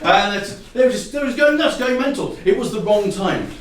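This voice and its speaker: Animated English improv storyteller, echoey hall. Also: male voice, high voice, a little fast, recorded from a distance. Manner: animated, laughing often, repeating audience suggestions. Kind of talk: improvised comic narration. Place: theatre stage with live audience. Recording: echoey hall recorded from afar.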